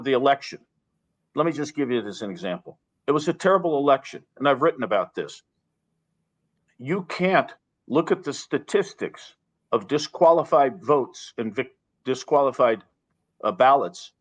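Measured male lawyer guest. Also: mid-range voice, a bit bright. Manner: earnest, measured, repeats himself. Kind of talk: podcast interview.

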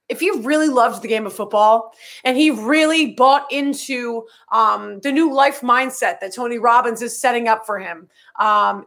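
A brash, energetic woman hosts her podcast in loose, casual chat. Her voice is high and sharply bright. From Boston area. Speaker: podcast host.

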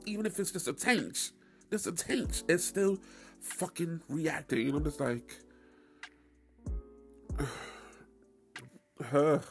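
Profane, animated man hosting a podcast. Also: a little high, slow pace, pauses often, soft background music. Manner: animated, profane, laughing storyteller. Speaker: podcast host. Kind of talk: casual solo podcast monologue.

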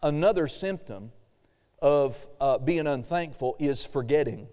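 A male pastor delivers a relaxed, conversational sermon, reading scripture and voicing the people's complaints for effect. His voice is mellow and sits a little high for a man. It carries the long reverb of a large hall. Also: a little slow. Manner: casual preaching with reading aloud and acted-out quotes.

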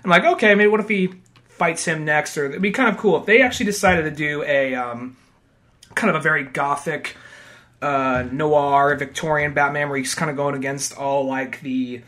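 A man's voice: on the high side, normal speed, sharp tone. Rambling male podcast co-host. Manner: rambling, trailing off. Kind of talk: casual chat.

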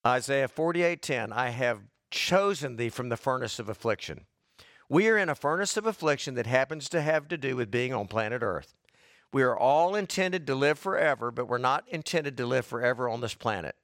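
A man's voice: medium pitch, animated, normal speed, fairly bright tone, no echo, clean studio sound. A man preaching a sermon, folksy and conversational, building to emphatic repeated lines, his voice a little worn and short of breath. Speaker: pastor.

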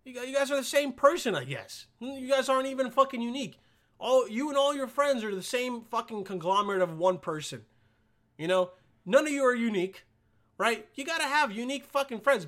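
A young man hosting a podcast in a casual, rambling monologue, swearing constantly and swinging between mumbles and loud outbursts. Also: very high-pitched, expressive, brisk. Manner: profane, rambling, jokey. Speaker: podcast host.

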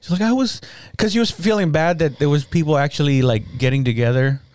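A laid-back man in his thirties talking crudely and casually, pausing and clearing his throat as he goes. His voice sits in a middle pitch with a dry, close sound. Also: animated, a little mellow, no room sound.

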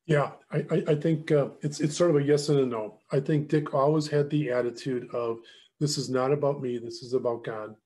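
A man's voice: mid-range voice, a little fast. A middle-aged man telling a faith story as a guest speaker, acting out both sides of each conversation. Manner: animated, acts out both sides of dialogue. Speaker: ministry leader and guest speaker. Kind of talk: storytelling testimony.

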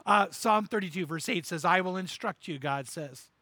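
A middle-aged man preaching a sermon, an animated storyteller who acts out the voices in his anecdotes. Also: high voice, normal speed, dry recording. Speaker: pastor. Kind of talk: sermon with acted-out stories.

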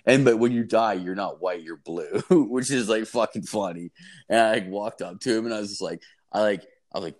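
A man telling a story in casual chat, rambling and swearing, often saying "like" and "dude" and jumping into high yelps for quotes. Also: moderate pace.

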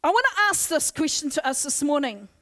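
A young woman preaching an energetic Pentecostal sermon in a church, loud and exclaiming as she leads the congregation in call-and-response. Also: sits high, fairly quick. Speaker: guest preacher. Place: church service.

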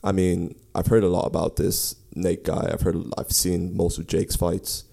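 A man with a subtle Irish accent tinged with American, co-hosting in a hesitant, low-key way. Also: little pitch movement, normal speed, gravelly, dark tone. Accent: subtle Irish with American tint. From Ireland. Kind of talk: casual podcast chat.

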